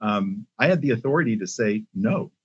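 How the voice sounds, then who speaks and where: Older man, husky voice, muffled audio. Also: fairly low pitch, lively intonation. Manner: measured, many ums and restarts. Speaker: podcast guest, company CEO. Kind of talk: casual interview talk.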